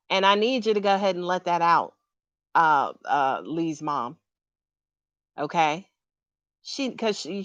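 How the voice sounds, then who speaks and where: Over dull, lo-fi sound with no room tone, a medium-pitched woman gives a tarot reading on a livestream. She turns emotional and asks her viewers again and again to confirm.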